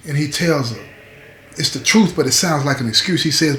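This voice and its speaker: A man's voice: fairly high pitch, normal speed, fairly bright tone, echoey room, slight background noise. A man hosting his show, telling a prison story in a streetwise, conversational way and often checking in with the listener. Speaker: host. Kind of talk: storytelling to camera.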